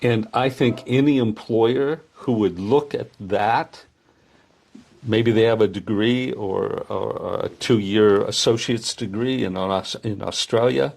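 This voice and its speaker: An older man who founded the program speaks in a relaxed interview, pausing often with fillers. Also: lowish voice, gravelly. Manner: hesitant, many filler pauses. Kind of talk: conversational interview.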